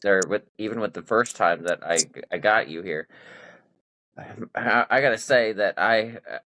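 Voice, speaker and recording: A man's voice: on the low side, moderate pace, sharp tone, low-quality recording. A man hosting a podcast, chatting casually and rambling with many restarts. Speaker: podcast host. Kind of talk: casual chat.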